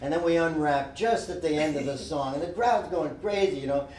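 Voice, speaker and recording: A man telling a casual tour story in an animated way, laughing often. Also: on the high side, fairly quick. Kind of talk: casual anecdote. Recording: echoey, distant, noisy room.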